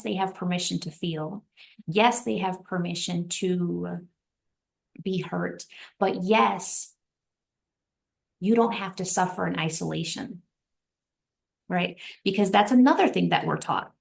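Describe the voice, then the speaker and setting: A woman's voice: lowish voice, vocal fry. A woman guest on a podcast, talking in an earnest, reflective way and repeating phrases for emphasis. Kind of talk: heartfelt podcast conversation.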